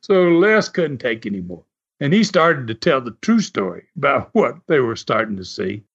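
A man's voice: medium pitch, very animated, moderate pace, breathy edge. An older man and former wrestler telling folksy stories in an interview, often chuckling as he talks. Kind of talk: storytelling interview. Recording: muffled recording.

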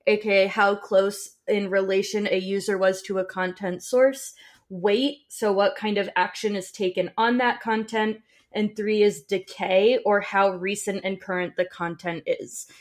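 A woman explaining her research to her co-hosts in an easy, conversational way. She has a mid-pitched voice and a slightly wry edge. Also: steady tone, measured pace. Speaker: podcast co-host presenting research. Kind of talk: casual explanatory chat.

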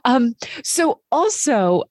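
Her fairly high voice swings widely in pitch while she speaks slowly. She is a Maryland-based podcast host having a casual remote interview, chatty and warm, telling stories full of fillers. The clean studio sound carries no echo.

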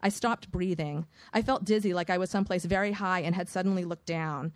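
A woman reading a first-person audiobook in a measured, vivid storytelling manner. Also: lowish voice, dry recording. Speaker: audiobook narrator.

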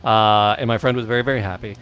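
Animated Midwestern man telling stories. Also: on the low side, fast, a little hiss or hum. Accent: Midwestern American. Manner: animated storyteller, acts out quotes. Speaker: podcast host. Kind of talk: casual chat.

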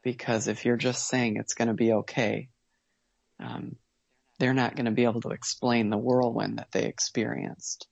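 A man telling his family's story as a podcast guest, earnest and measured, pausing and restarting as he reflects. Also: medium pitch, flat delivery, creaky, darkish tone, dry recording, lo-fi sound. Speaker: guest, father.

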